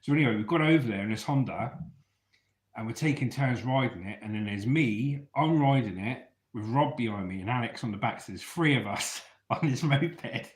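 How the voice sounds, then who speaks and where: A man spins stories in a chatty, laddish voice and swears freely. His pitch sits in the middle of the usual range. The room around him is noticeably echoey. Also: lively intonation, normal speed. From England. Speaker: storyteller host. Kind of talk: casual storytelling.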